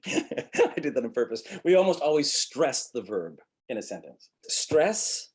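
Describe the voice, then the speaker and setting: A man's voice: medium pitch, big pitch swings, measured pace, a little mellow, slightly rough. A middle-aged man from Montreal teaching acting in a webinar, talking in a very melodic way and demonstrating with vocal sounds. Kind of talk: webinar lecture.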